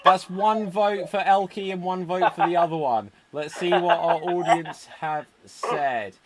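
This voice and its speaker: Upbeat English host tallying votes. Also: male voice, sits high. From England. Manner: brisk, upbeat, reading out audience votes. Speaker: improv show host. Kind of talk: hosting a live-streamed comedy show.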